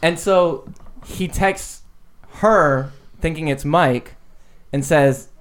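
A man's voice: a little high, very slow. A young man and podcast co-host telling a prank story in casual chat, laughing often as he goes.

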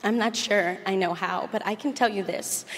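A woman's voice: mid-range voice, moderate pace. A young woman from Chicago reading a heartfelt tribute letter aloud in an earnest, emotional, tender way. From Chicago, USA. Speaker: speaker giving a tribute. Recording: reverberant hall with faint noise.

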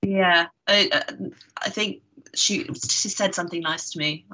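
A woman guest on a podcast answers slowly in a bright, clear voice. She talks in a hesitant, thoughtful way, with pauses and laughs between her thoughts. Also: fairly low pitch, steady tone, rough recording. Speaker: guest author. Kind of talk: casual interview chat.

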